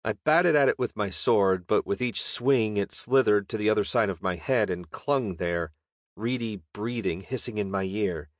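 A man's voice: lowish voice, normal speed, no room sound. Dry-voiced wry male audiobook narrator. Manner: wry, deadpan storytelling.

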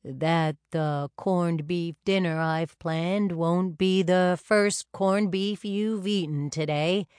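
A gentle, solicitous man close to seventy, unhurried and deliberate in every word, played by a woman reading the story. His voice sits low and measured, with a dry, close sound. It is a storybook reading. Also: clear, resonant tone, no room sound. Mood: calm. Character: genial, solicitous husband nearing seventy.

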